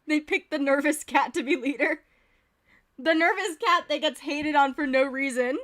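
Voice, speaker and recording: A woman's voice: high voice, moderate pace, a bit bright. A woman streamer giving casual, giggly commentary as she reads game events aloud.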